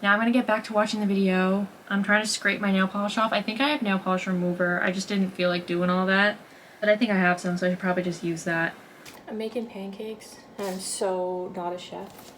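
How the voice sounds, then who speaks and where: A woman in her twenties with a Massachusetts accent, chatting excitedly to camera as a vlogger, full of "like" and exclamations. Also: medium pitch, brisk, a little hiss or hum. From Massachusetts, USA. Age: 20s. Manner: excitable, heavy use of "like", exclamatory. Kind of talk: casual chat to camera. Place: at home, later in her kitchen.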